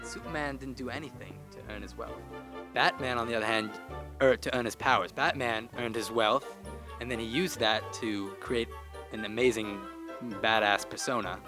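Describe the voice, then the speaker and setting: A man's voice: medium pitch, steady tone, normal speed, music in the background. A teenage boy competing in a comedy debate, rambling with fillers and hamming up mock accents. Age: teens. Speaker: contestant.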